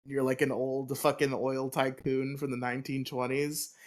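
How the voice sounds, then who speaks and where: Casting: male podcast co-host, medium pitch, rambling and profane, riffing loosely in casual chat. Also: little pitch movement, moderate pace.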